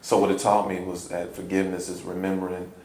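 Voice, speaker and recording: A man from Chicago with a low, gravelly voice tells a heartfelt personal story, earnest and halting, stumbling over repeated words. He is heard in a roomy space with a faint hum of ambience behind him. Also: completely flat delivery, a little mellow. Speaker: hip-hop poet guest.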